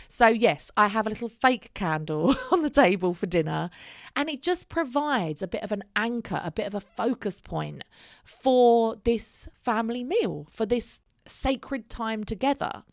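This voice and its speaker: A woman's voice: medium pitch, dry recording, studio quality. A young woman and mother of three talking candidly in a casual vlog, chatty and full of "like", with casual swearing. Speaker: single mother vlogger.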